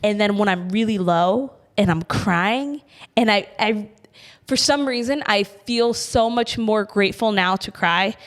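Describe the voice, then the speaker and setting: A young woman co-hosts a podcast with lively, giggly energy. Her voice sits at a middle pitch, and she talks as if she is picturing every scene she describes. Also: a little slow. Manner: animated, giggly, visual storyteller. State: pregnant. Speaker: podcast co-host. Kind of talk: casual chat.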